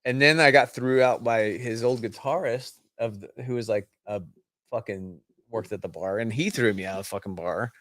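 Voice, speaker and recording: A drunk man rambles through a story, cursing freely and restarting his sentences. His voice sits at an ordinary middle pitch. The sound is dry and close, with no room around it. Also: moderate pace, fairly bright tone, no room sound. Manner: rambling, heavy swearing, tipsy storytelling. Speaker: guest. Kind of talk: casual drunk bar chat.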